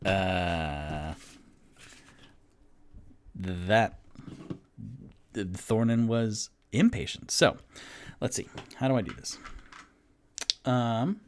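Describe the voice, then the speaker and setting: A man's voice: on the low side, drawn-out words, long pauses, slight background noise. A man narrating a solo tabletop game as game master, casual and rambling, with many fillers.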